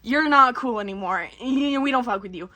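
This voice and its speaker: A woman's voice: a little high, moderate pace, pushed and bright. A woman voicing a group of male soldiers who talk in lazy modern slang. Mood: dismayed. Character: scared, slangy male soldiers of a ship's crew.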